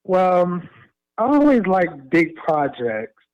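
A man, a spoken word poet, answering interview questions in a slow, earnest, reflective way. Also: high voice, sing-song, dry recording. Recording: tinny phone line.

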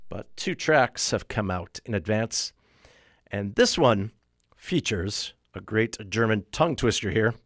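A male radio host reading out a list of new releases, briskly, with wry asides when he corrects himself. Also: on the low side, lively intonation, fairly bright tone, dry recording, studio quality. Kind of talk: radio music show, listing soundtrack releases.

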